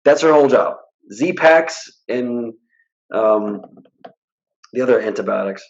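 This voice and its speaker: A man's voice: mid-range voice, takes it slowly, highs cut off. A man guesting in a casual interview, talking bluntly and acting out the people he quotes. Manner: blunt, animated storyteller who acts out quoted dialogue. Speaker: hypnotist guest.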